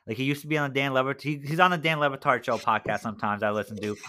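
A man's voice: medium pitch, very fast, pushed and bright. A man co-hosting a casual podcast, telling a story in a chatty way, full of "like" and "right?". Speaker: podcast co-host.

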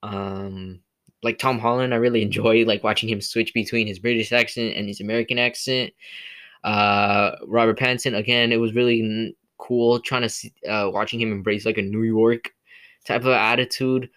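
A man's voice: fairly low pitch, level tone, normal speed, a bit bright. A man hosting a casual solo movie review podcast, rambling with many fillers and restarts, from California. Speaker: podcast host.

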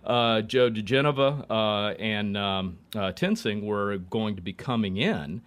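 A man, a political reporter, speaking haltingly with many fillers. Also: lowish voice, lively intonation, fairly bright tone. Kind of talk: guest political commentary.

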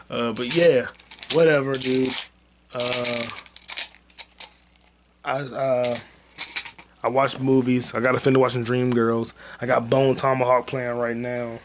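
A man talking alone into a camera and mic about movies, loose and rambling, with plenty of swearing and jokes. His voice sits at an ordinary middle pitch. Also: slight background noise. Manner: rambling, profane, jokey, puts on silly voices for quotes. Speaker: podcast host. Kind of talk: solo movie-review rant.

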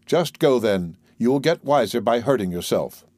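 A man's voice: mid-range voice, lively intonation, normal speed, darkish tone, no room sound, studio quality, close to an everyday voice. A stern dismissive father, read by a man.

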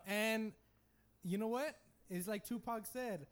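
A young man with a notably high voice, chatting casually as a podcast co-host. He tells his stories with animation, slipping into impressions of the people in them. He grew up in West Texas. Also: slow, smooth. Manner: animated storyteller, mimics voices. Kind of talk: casual chat.

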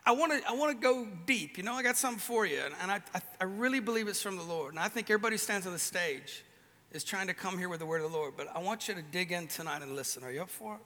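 Guy preaching, super high bright voice, jokey rambly, big hall reverb. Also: lively intonation, racing. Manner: casual, joking storyteller with restarts. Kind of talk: sermon. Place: large event venue with a band.

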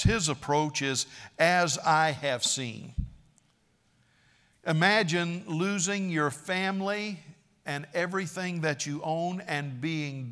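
A man's voice: mid-range voice, fairly bright tone. A man preaching a sermon, dramatic and emphatic, acting out quoted speakers with a raised voice. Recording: long reverb of a large hall.

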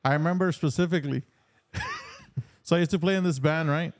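A middle-aged man co-hosting a casual podcast chat, telling a lively story and laughing often. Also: fairly high pitch, a little fast. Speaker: podcast co-host.

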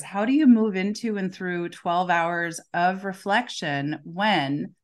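A woman coach co-hosting a casual conversation, talking emphatically and often checking in with "right?". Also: on the low side. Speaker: coach and podcast co-host.

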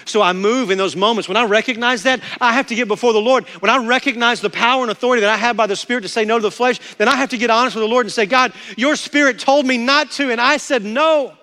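A man's voice: very high voice, fairly even intonation, rapid-fire, few pauses, pushed and bright, big-room sound. A man preaching a sermon as pastor, emphatic and repeating words for stress.

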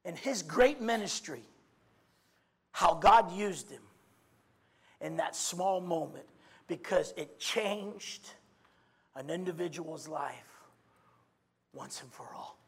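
A man preaching a sermon, swinging from quiet musing to loud shouts, with many stammered restarts and repeated "I mean". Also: a little high, expressive, slow, long pauses, slightly rough.

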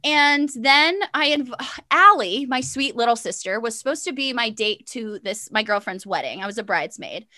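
A young woman telling a long personal story in casual chat, sassy and animated, full of fillers and quoted dialogue. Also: a little high, moderate pace, dry recording.

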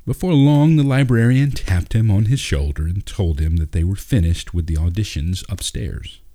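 Brief: calm male narrator for a storybook, deep and mellow. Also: normal speed. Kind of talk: storybook reading.

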